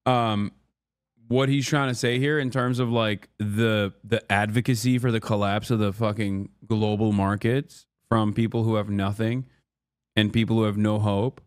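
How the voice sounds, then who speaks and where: A man's voice: lowish voice, steady tone, moderate pace, smooth, dry recording, clean studio sound. A man commenting live on stream, heated and emphatic, swearing often and repeating points for stress. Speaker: streamer reacting to a video.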